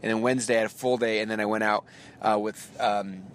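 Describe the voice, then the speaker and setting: A man in his thirties, a podcast host, telling a story in a chatty, lively way with quick asides and small laughs, recorded in a car while driving. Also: on the low side. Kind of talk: casual storytelling monologue. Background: faint vehicle noise.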